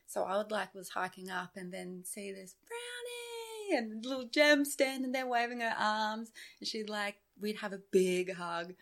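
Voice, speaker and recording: Podcast guest: woman, gravelly, mid-pitched, animated storyteller. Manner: animated, with frequent filler "like". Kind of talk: casual storytelling chat.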